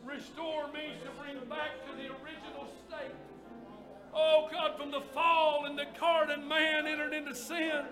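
A man's voice: very high voice, little pitch movement, measured pace, sharp tone, roomy sound, distant mic, soft background music. A man, a pastor, leading an impassioned, pleading prayer in a church. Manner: impassioned, pleading, crying out to God. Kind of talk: fervent spoken prayer in church. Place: church sanctuary.

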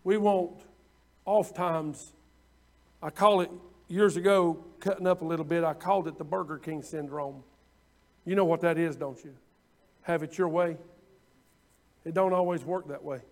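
A man preaching a sermon, impassioned and repetitive at times, then dropping into quiet asides. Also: on the high side, steady tone, normal speed, long pauses. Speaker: pastor.

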